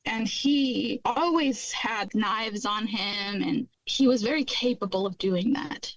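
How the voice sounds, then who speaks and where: A woman's voice: medium pitch, slow pace, dry recording, low-quality recording. A middle-aged woman earnestly recounting her own hard past in a candid personal testimony. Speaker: guest recounting her life.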